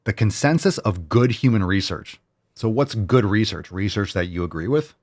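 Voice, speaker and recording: A man's voice: on the low side, animated, normal speed, a little mellow. A man hosting a solo commentary show, ranting in a heated, sarcastic, profane way and repeating phrases for emphasis. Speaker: podcast host.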